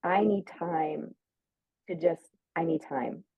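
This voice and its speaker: A woman's voice: on the low side, slow pace, vocal fry, slightly rough, dry recording. A woman telling a personal story in casual chat, full of "like" and acting out quoted lines. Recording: narrow phone-like sound, dry.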